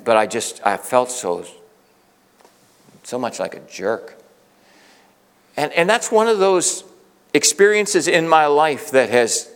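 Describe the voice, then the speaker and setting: A middle-aged man preaching a storytelling sermon, earnest and conversational, often restarting his sentences. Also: medium pitch. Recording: long reverb of a large hall.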